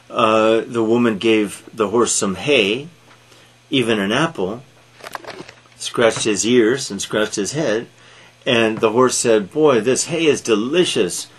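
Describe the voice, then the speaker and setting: A man telling an animal fable aloud, halting with frequent fillers and restarts. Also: lowish voice, breathy edge. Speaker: storyteller. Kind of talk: read-aloud storytelling.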